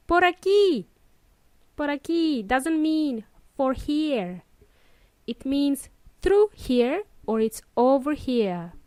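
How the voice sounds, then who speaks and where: A woman's voice: high-pitched, a little mellow, no echo. A woman hosting a casual lesson podcast, playful and upbeat, joking between explanations. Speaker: English teacher and podcast host.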